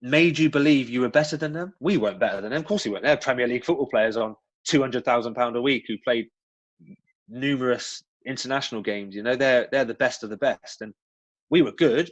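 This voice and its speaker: A man's voice: mid-range voice, fairly quick, no room sound, highs cut off. A man with a West Country accent, a former footballer answering interview questions in a chatty way with many ums and restarts. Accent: West Country English. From West Country of England. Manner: chatty, frequent ums and restarts, animated storytelling. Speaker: guest, former professional footballer. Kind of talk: casual interview answers with anecdotes.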